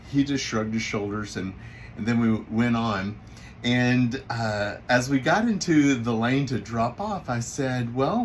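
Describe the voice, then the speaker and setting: Man, picture book author, casual storytelling, animated, laughs often, mid pitch. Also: slight background noise.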